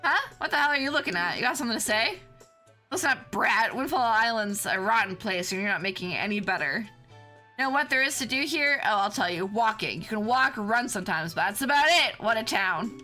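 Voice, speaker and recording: A woman's voice: on the high side, expressive, brisk, sharp tone, faint music behind. A woman playing a sour, sarcastic townsman. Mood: bitter. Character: bitter, bored townsman who hates his island.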